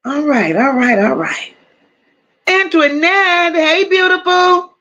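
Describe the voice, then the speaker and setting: Woman w/ high voice doing livestream shoutouts, aave, calls everyone baby n boo, swears casually. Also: expressive, takes it slowly, dull audio. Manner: warm, affectionate, calls viewers baby and boo; casual, swears freely, reads chat aloud. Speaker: livestream host. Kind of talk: live chat greetings.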